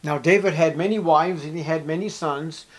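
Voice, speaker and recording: A man's voice: on the high side, moderate pace. A man preaching a sermon. He acts out short bits of dialogue and repeats words for emphasis.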